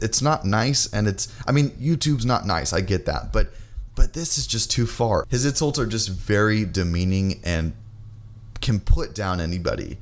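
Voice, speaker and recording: A man giving reaction commentary in a dry, sarcastic, measured way. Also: on the low side. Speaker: commentary YouTuber.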